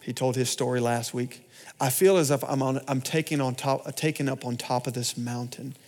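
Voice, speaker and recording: A man giving a personal sermon testimony in church, storytelling with big swings between loud and hushed delivery. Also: mid-range voice, fairly even intonation, normal speed. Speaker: pastor.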